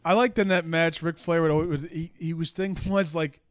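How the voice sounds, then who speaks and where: Male podcast co-host, slightly high voice, easygoing, cracks jokes. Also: steady tone, normal speed, no echo. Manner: joking, easygoing, repeats himself. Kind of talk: casual chat.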